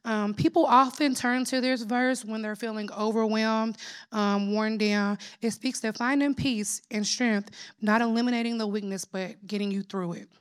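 A woman's voice: a little high, steady tone, normal speed, smooth. Earnest woman preaching a sermon. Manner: earnest, prayerful, personal testimony. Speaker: lay preacher.

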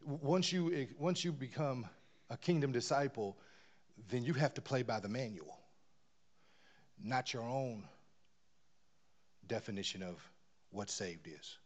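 A man preaching a sermon, dropping to near-whispers and then rising to loud emphatic bursts, often repeating words as he builds. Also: medium pitch, a little slow, long pauses, dull audio.

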